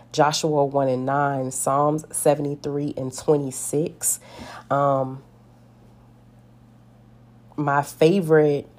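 Low-pitched woman, mellow tone, earnest devotional talk, conversational, lots of "like". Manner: earnest, conversational, frequent "like" fillers. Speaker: devotional speaker.

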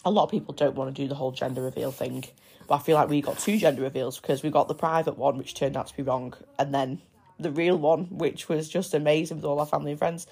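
Chatty low-voiced woman. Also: fast talker, slightly rough. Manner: chatty, excitable, breaks off to coo at her baby. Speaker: podcast host. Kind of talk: casual storytelling.

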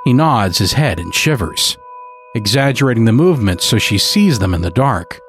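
A man narrating a dark story in a measured, scripted storytelling manner. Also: medium pitch, sing-song, soft background music.

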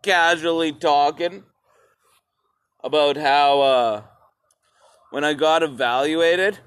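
Slow, rambling man podcasting outdoors. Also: on the high side, a bit bright, smooth, no echo. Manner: rambling and profane, addresses listeners as "peoples". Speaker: podcast host. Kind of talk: casual solo podcast monologue.

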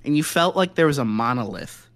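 Man, middle-pitched voice, casual podcast co-host, rambling, profane, fillers. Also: big pitch swings, a little fast, a bit bright. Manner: rambling, profane storytelling with frequent "like" and laughs. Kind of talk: casual chat.

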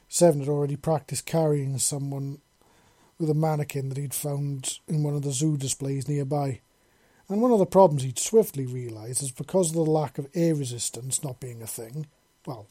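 A man reads a fantasy story aloud in a steady, even narration. His voice is very dark and mellow with a faint husk, and the recording is close and dry. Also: medium pitch, breathy edge, no echo. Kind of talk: fiction audiobook narration.

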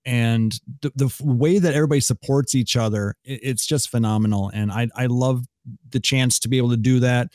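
A man who hosts a show, chatting earnestly and speaking warmly about the community. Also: medium pitch, fairly even intonation, a little fast, no echo, studio quality. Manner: earnest, warm praise for the community. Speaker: guest podcast host. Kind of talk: casual chat.

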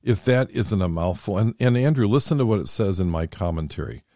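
A man's voice: on the low side, lively intonation, a little fast, warm tone, no echo. A man hosting a faith podcast in a studio, talking earnestly and reading scripture and commentary aloud. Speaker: podcast host.

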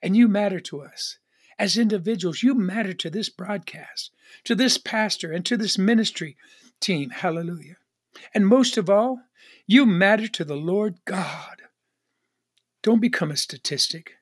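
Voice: medium pitch, normal speed, breathy edge. A pastor delivering a broadcast sermon, repeating refrains and calling for an amen. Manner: repetitive preaching refrains, calls for amen. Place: Northern Arizona church ministry.

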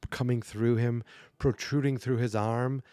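A man's voice: medium pitch, steady tone, unhurried, mellow, no echo. A man hosting a podcast, casually recapping a horror film scene by scene, joking and acting out characters' lines. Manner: chatty, jokey, acts out characters' lines. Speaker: podcast host.

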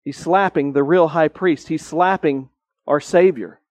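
In his sermon, a pastor with a high, slightly mellow voice speaks with earnest conviction, raising his pitch for important points and slowing down to underline them. The sound is close-miked and dry, with no room sound at all.

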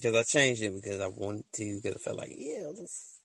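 A man hosting a casual solo podcast, rambling and excitable, full of slang and often laughing at his own stories. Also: on the low side, moderate pace, gravelly, no echo. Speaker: podcast host.

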